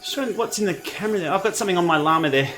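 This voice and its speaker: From his home training room, an Australian man hosts a casual cycling livestream, chatting in a laid-back way and answering viewer comments while he rides. His high, expressive voice comes rapid-fire with a fairly bright tone, over slight background noise.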